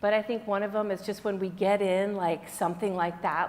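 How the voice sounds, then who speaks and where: A woman's voice: mid-range voice, little pitch movement, fairly quick, few pauses, in a large hall. A woman yoga teacher talking to her class in a chatty, rambling way, telling stories with sound effects. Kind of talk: informal class talk and storytelling. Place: yoga studio.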